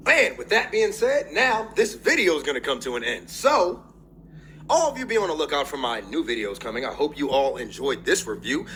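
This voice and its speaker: A young man giving a casual movie review on his channel, telling it in an excitable, profane way with lots of laughing, and tearful as he fights back crying. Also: mid-range voice, a little hiss or hum.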